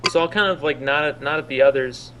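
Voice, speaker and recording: A man playing a tabletop game, talking quickly with lots of fillers and giggles. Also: medium pitch, fairly bright tone, a little hiss or hum, low-quality recording. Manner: rapid, filler-heavy, giggly. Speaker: player.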